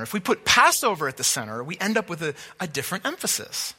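A man's voice: sits high, very animated, fast, hardly any pauses, bright, forceful tone, in a large hall. A man preaching a sermon, teaching emphatically and asking rhetorical questions.

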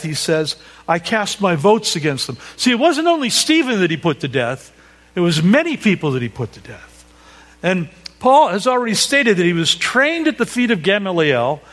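A man preaching an expository sermon, animated and conversational, checking in with his listeners as he reads and explains scripture. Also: high-pitched. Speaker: pastor. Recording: long hall reverb.

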